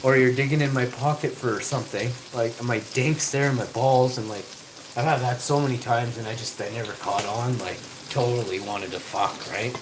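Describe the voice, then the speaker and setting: This man's mid-range voice stays fairly even at a normal speed, recorded from a distance amid loud sizzling from food frying in an echoey kitchen. He's livestreaming as he cooks at home, rambling crudely and swearing heavily.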